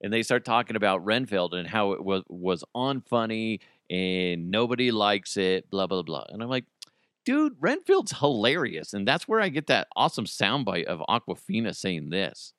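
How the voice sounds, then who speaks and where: A man's voice: fairly low pitch, sing-song, moderate pace, a bit bright, clear, resonant tone, dry recording, clean studio sound. Rambling, self-mocking male podcast host. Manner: rambling, self-deprecating, laughs often, does silly voices. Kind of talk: casual solo podcast monologue.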